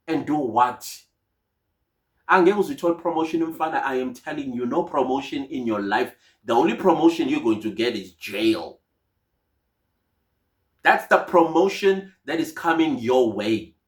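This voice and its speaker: A South African man giving casual, indignant commentary on a court case, mixing in Zulu phrases. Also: fairly high pitch. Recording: echoey room.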